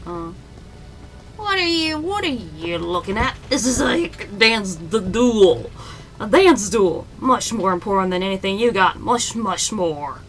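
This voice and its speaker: A woman's voice: medium pitch, very animated, measured pace. A young woman giggling and swearing casually as she comments on a game, with hesitant fillers. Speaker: gamer. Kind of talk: casual let's-play commentary.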